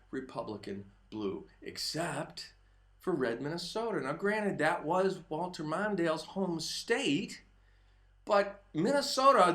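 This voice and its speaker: A fairly high-voiced man holds forth in a political commentary monologue. He talks emphatically and now and then rises into a shout. His voice rings around an echoey room. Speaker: host. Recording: roomy echo.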